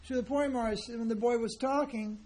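Husky man giving a chatty sermon. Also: very high-pitched, steady tone, fast, a little mellow. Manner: conversational, emphatic, acts out quoted people. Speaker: spiritual teacher. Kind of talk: informal sermon with anecdotes.

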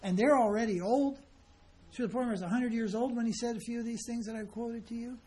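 A man's voice: very high-pitched, fairly even intonation, quick pace, a little mellow, husky. A man teaching as a spiritual teacher in an informal sermon, speaking in a conversational, emphatic way and acting out the people he quotes.

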